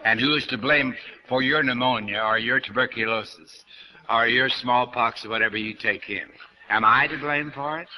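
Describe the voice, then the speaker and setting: A man's voice: mid-range voice, normal speed, pushed and bright, poor audio. An older man giving a spiritual lecture to an audience, blunt and questioning, speaking straight to his listeners. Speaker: New Thought lecturer.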